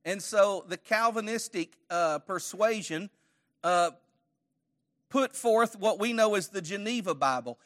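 A man's voice: high voice, expressive, unhurried, a bit bright. A man teaching a church Bible study lesson, conversational, quizzing his audience with questions and joking lightly.

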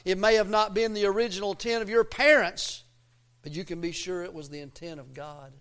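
High-voiced preacher guy, gets loud and emphatic then drops quiet, folksy and a bit all over the place. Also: fairly even intonation, fairly quick. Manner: folksy, self-interrupting delivery. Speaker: pastor. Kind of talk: sermon.

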